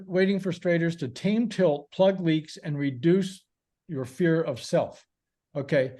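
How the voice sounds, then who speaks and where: Mellow-voiced man explaining step by step. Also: on the high side. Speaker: guest author. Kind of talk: casual podcast chat.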